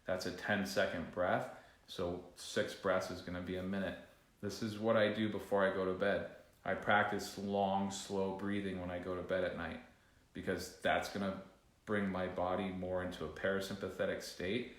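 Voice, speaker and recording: A breathing coach with a low, flat voice leads a casual class at normal speed, rambling, restarting sentences and joking aside to a co-host. The room is echoey.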